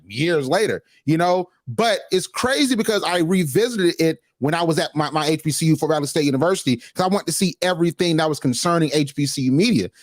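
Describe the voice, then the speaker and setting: A man's voice: high voice, dry recording. Young male host, dry close sound. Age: 20s. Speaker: interview host. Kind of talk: casual interview chat.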